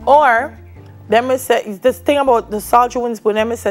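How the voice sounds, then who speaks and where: Jamaican female co-host, playful, higher voice, soft music behind. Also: normal speed. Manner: playful, quotes old sayings. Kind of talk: casual chat.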